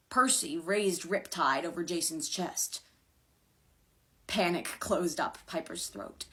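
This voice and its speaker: A woman reading a fantasy novel aloud in an expressive, dramatic way. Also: fairly low pitch. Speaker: reader.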